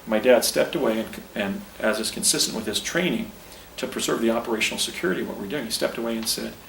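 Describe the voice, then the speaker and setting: A man's voice: lowish voice, gravelly, recorded from a distance. A man in his fifties tells a story in a rambling way, often stopping to correct himself and point at spots around him. He speaks outdoors, some way from the mic, so his voice echoes, with faint outdoor noise behind it. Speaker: speaker recounting an experience. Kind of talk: casual storytelling on location. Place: outdoors at a historic site.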